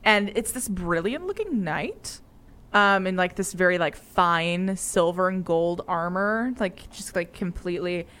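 A woman's voice: on the low side, lively intonation, measured pace, a bit bright. Young female game master; loose, playful, rambling narration. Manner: rambling, filler-heavy, playful.

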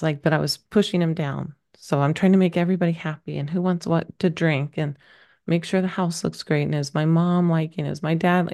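A woman's voice: low voice, a little mellow. A middle-aged woman talking as a podcast guest, telling a personal story candidly, rambling a little with many fillers. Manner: emotional, rambling, lots of fillers.

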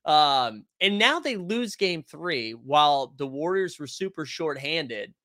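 Male sports stream host, slightly high, dry close mic, rambling and animated, casual profanity. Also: slow, dry recording. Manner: animated, rambling, swears freely. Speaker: podcast host reading chat. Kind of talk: casual sports talk livestream.

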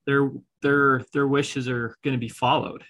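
A man's voice: mid-range voice, flat delivery, a little slow, a bit bright. A man co-hosting a casual podcast conversation, explaining estate planning in an easygoing way and laughing often. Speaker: estate planning attorney co-host.

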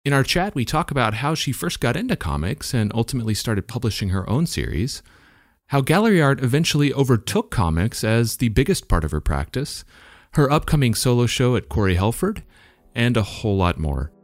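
A man's voice: mid-range voice, a little fast, dry recording, clean studio sound. A man hosting an interview podcast. He reads a scripted intro, then asks curious questions with a few stumbles. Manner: animated and inquisitive, with some stumbles. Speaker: podcast host.

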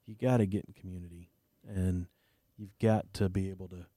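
A man with a very low, mellow voice rambles through a joke and a personal story, self-deprecating and full of fillers. It is casual faith chat, recorded close and dry. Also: fairly even intonation, brisk, dry recording.

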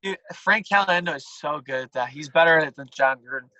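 A man's voice: fairly high pitch, fast, sharp tone, no room sound, highs cut off. A man chatting casually as a podcast guest, loose and self-deprecating.

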